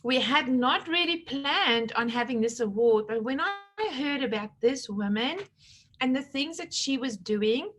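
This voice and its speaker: Gushing woman with a slightly high voice. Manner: warm, gushing, chatty, retells conversations. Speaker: team leader presenting awards. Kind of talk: casual talk to her team, recapping an awards event.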